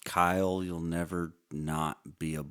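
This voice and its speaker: A man on a casual podcast, making deadpan jokes. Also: sits low, measured pace, clean tone. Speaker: podcast co-host. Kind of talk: casual banter.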